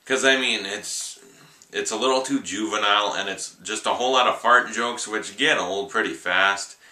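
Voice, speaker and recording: A man's voice: lowish voice, normal speed, sharp tone. A young man reviewing a film in a casual, rambling way, full of "like"s. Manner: rambling, offhand, many "like"s. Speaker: movie reviewer. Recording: echoey room.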